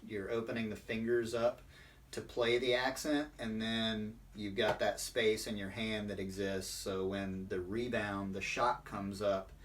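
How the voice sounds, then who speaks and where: Man, percussion instructor, low voice, explanatory, lots of fillers, distant mic, faint background noise. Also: a bit bright. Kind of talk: online drum line lesson.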